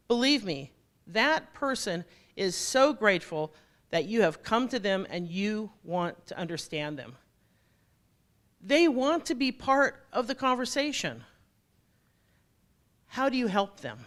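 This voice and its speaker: A woman giving a motivational keynote talk. She speaks straight to the audience, with a jokey, animated delivery. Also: a little high, unhurried, long pauses.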